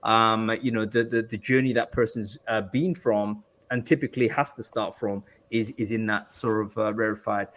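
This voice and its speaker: A man's voice: on the low side, fairly even intonation, moderate pace, hardly any pauses, a bit bright, slight background noise. Hesitant man hosting a panel. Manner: thoughtful, hesitant with many fillers. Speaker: host. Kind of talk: hosting a live panel discussion.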